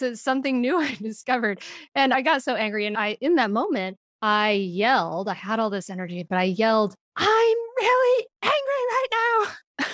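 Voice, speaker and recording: A middle-aged woman speaking as a podcast guest on parenting, telling stories in an animated way and laughing often. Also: fairly high pitch, clear, resonant tone, no room sound, clean studio sound. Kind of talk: conversational interview.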